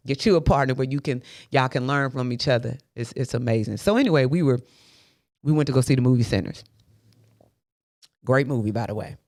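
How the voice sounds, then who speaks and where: A woman's voice: extremely low pitch, dry recording. Woman host, motivational faith talk, preachy and direct, dry close recording. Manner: animated, preachy, talks straight to listeners.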